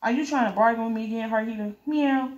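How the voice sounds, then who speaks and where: A woman's voice: fairly high pitch, quick pace, darkish tone, echoey room, lo-fi sound, lightly acted. A woman voicing a cheeky male cat potion merchant who tacks meows onto his haggling.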